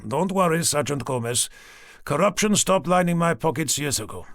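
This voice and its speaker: A male narrator voicing a weary, cynical middle-aged police inspector with a gruff, dry delivery. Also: a little high, animated, moderate pace, fairly bright tone, no room sound, voice pushed up. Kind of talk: audiobook character voice.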